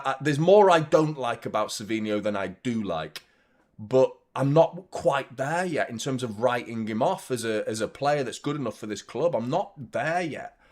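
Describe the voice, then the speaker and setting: A man hosting a football fan channel, chatting live during a watchalong in a rambling, exasperated way and swearing casually. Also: medium pitch.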